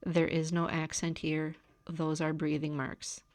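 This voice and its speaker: A woman giving a recorded grammar lecture, calmly explaining step by step. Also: low-pitched, measured pace, dry recording. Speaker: teacher. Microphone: camera.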